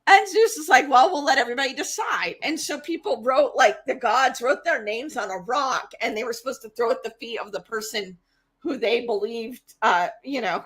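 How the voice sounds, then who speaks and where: A woman host casually retelling myths in a chatty, animated way. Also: a little high, slightly rough. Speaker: podcast host. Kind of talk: casual myth storytelling.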